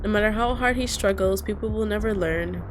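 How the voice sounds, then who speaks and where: Smug, patronizing succubus nun, read by a woman, slow drawl. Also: mid-range voice, over music, natural voice.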